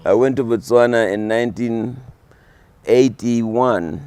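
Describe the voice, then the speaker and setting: Gravelly man in his seventies. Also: mid-range voice, takes it slowly, no echo. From South Africa. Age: 70s. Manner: animated, full of fillers and restarts. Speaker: guest musician. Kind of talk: casual storytelling.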